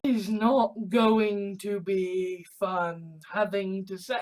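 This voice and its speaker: A woman's voice: medium pitch, takes it slowly, hardly any pauses, low-quality recording. A woman talking straight to camera in a sweary, digressive, sarcastic vlog rant. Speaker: YouTube creator. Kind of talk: ranting vlog monologue.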